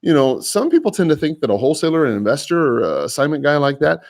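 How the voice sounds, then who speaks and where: A man with a lower voice, a real estate agent hosting a live prospecting podcast, talking in a casual, folksy, rambling way with restarts. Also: sing-song, fast. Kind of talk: live phone prospecting session with coaching asides.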